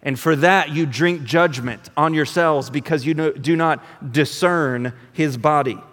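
Pastor, male, fairly high voice, casual preaching, long church reverb. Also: unhurried. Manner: conversational, animated, repeats words when restarting. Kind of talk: sermon.

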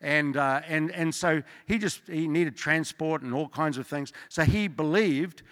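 A middle-aged preacher delivers a sermon in a bright, forceful voice. His pitch sits a little high, and his talk is casual and joking, full of rambling asides. The church hall around him adds a long reverb. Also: measured pace. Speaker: guest preacher. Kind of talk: evening church sermon with testimonies. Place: church service.

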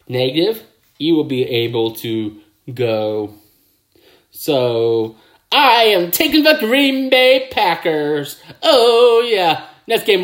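A man hosting his own football picks show, excitable, with catchphrases and mouth sound effects. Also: on the high side. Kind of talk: casual sports picks video.

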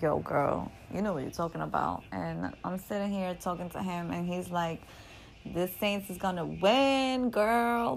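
A woman casually telling a story in an animated, profane, slangy way, often laughing. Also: lowish voice, gravelly, a little hiss or hum, low-quality recording. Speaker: storyteller recounting a game.

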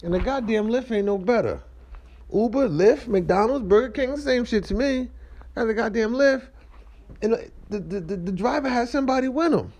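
A man, rambling and ranting with profanity as he walks around his house. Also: normal speed. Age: 30s. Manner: animated, ranting, profane, swings between high squeals and low mumbles. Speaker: vlogger. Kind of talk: rambling comedic monologue.

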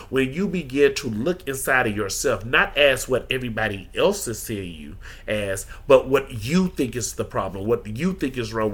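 In a preacher-like personal monologue, a podcast host opens up earnestly about how he feels. His voice sits in the mid-range and has a fairly bright tone.

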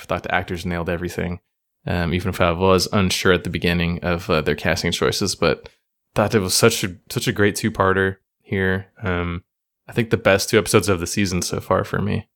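Enthusiastic low-voiced man. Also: fairly bright tone. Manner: enthusiastic, swears casually. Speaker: podcast co-host. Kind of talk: casual chat.

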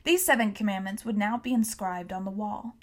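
A woman reading a classic novel aloud as audiobook narrator, telling the story steadily and clearly. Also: mid-range voice, brisk. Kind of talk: scripted narration.

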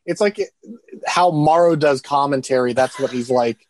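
A man's voice: medium pitch, unhurried. A man co-hosting a casual podcast, giving blunt, opinionated takes. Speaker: podcast co-host. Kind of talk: casual wrestling opinion chat.

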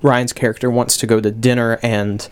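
A young American man, a student actor, explaining rehearsals in a measured way in a radio interview. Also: mid-range voice, flat delivery, clear, resonant tone. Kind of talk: casual interview chat. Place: radio studio.

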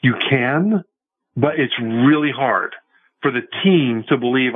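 A man phones in to break down a football team's quarterback situation in a measured, confident way. His voice comes through a narrow, tinny phone line with no room sound. His pitch sits in a middling range. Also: slightly rough, no echo. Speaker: football analyst guest. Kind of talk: phone-in sports talk.

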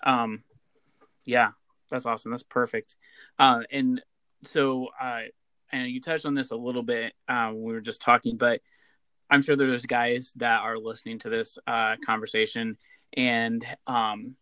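A man hosts a casual podcast interview, his voice bright and pressed, kept flat in pitch. He affirms his guest with short responses and eases into questions with plenty of fillers. The sound is dry and close, with no room echo. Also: unhurried, clean tone. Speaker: podcast host.

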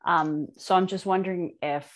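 A woman's voice: on the low side, fairly even intonation, moderate pace. A woman co-hosting a podcast in casual banter, dry and understated as she leads the questions. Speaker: podcast co-host.

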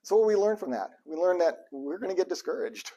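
A man preaching a relaxed, conversational sermon, his pitch leaping up and down as he acts out lines of scripture. His voice sits a little high for a man and has a husky grain to it. He jokes with the room between readings. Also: fairly quick. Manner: lively and joking, acts out the psalms' cries to God. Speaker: pastor.

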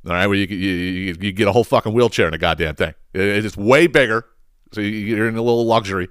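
A man's voice: on the low side, fast, smooth, no echo, studio quality. A man telling a story in a casual comedic podcast rant, swearing often and repeating words as he goes. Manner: animated, profane ranting with frequent restarts. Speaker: podcast host.

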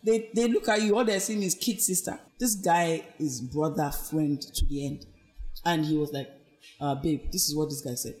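Animated woman telling her own story. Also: moderate pace. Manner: animated, acts out quoted speech with big pitch swings; earnest and reflective. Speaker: podcast guest. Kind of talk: personal storytelling in conversation.

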